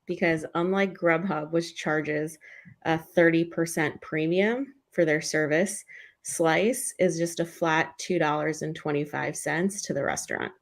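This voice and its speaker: A woman's voice: deep voice, fairly even intonation, unhurried. A woman co-hosting a casual panel discussion, chatty and filled with "like". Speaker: podcast co-host.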